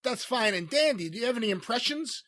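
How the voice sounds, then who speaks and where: A man's voice: very high-pitched, animated, fast talker, sharp tone, no echo. A man hosting a comedy podcast, dry and teasing with his guest. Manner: dry, teasing, often laughing. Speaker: podcast host.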